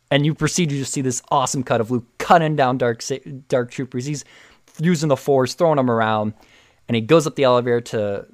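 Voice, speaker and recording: A man casually retelling a TV episode with excitement, often restarting and repeating words. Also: medium pitch, dry recording, clean studio sound. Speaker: show recap host.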